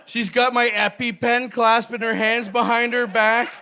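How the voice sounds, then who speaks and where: A Canadian man doing a stand-up comedy set, animated and breaking into loud shouted bits. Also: very high voice, a little slow, clean tone. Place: live comedy venue with audience.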